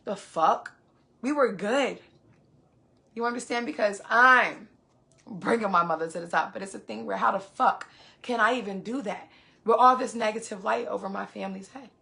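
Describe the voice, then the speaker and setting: A woman's voice: medium pitch, normal speed, vocal fry, pushed and bright. A woman vlogger venting to her viewers in heated casual talk, cursing freely and repeating phrases for emphasis.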